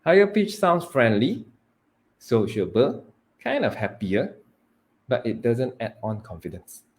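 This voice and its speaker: A male speaking coach, at a middle pitch for a man. He teaches with big swings in volume, dropping to a hush and then coming back loud. He leans hard on chosen words and draws them out. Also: measured pace. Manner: animated, swings between loud and hushed to demonstrate; emphatic, stretches words for effect. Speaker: public speaking trainer. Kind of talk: live training talk.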